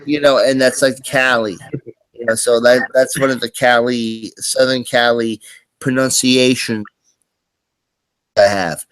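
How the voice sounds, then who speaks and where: A man's voice: mid-range voice, fairly even intonation, unhurried, pauses often, fairly bright tone, clear, resonant tone, dry recording. A man hosting a live stream, chatting casually and rambling with lots of fillers and restarts. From US East Coast. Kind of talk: casual chat.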